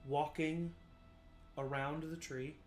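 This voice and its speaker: A man narrating a tabletop role-playing game as game master, describing scenes in a slow, measured, atmospheric way. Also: a little high, steady tone, echoey room, soft background music. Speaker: dungeon master.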